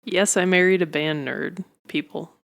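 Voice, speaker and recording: A woman's voice: lowish voice, moderate pace, creaky. A woman hosting a casual podcast chat, blunt and teasing toward her co-host. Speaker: podcast host, fitness coach.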